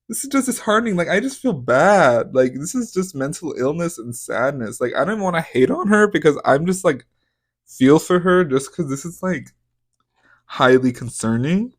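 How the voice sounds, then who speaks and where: A man's voice: a little high, very animated, moderate pace, fairly bright tone, dry recording. Young guy podcast host ranting gossip, over the top and crude, dry close sound. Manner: dramatic, profane, exaggerated outbursts. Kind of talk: casual gossip commentary.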